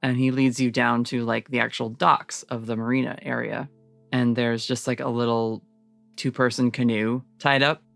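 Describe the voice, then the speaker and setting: Casual game master narrating a tabletop session, gravelly voice, faint music underneath. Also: mid-range voice, level tone, moderate pace, a bit bright. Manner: casual narration with many "like" fillers.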